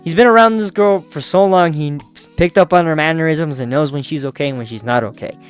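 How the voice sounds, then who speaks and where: A man's voice: a little high, a little fast, smooth, faint music behind. A man casually narrating a manga recap in a chatty way, chuckling and correcting himself as he goes. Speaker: manga reviewer.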